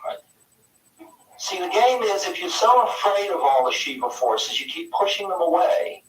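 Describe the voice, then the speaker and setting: A man giving a live spiritual talk in a conference hall, animated and playful, swinging between loud bursts and soft whispers. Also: high-pitched, moderate pace. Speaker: spiritual teacher. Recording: echoey hall, mic far off.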